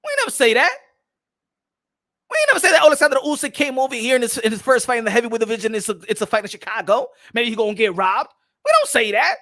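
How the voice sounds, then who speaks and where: A young American man ranting in loud, slangy boxing commentary, mocking and repeating himself. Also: extremely high pitch, animated, fast talker. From United States.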